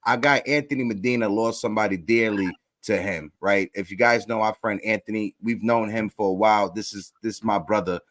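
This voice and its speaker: A man's voice: lowish voice, fairly even intonation, a little fast, few pauses, a bit bright, no room sound, clean studio sound. A man hosting a live sports show, speaking earnestly and from the heart to his chat, sometimes repeating himself. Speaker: podcast host.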